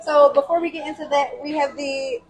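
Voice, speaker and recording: A woman's voice: high voice, steady tone, a little fast, a little hiss or hum, poor audio. A woman hosting a casual food show, upbeat and full of slang. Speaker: show host. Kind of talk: casual chat.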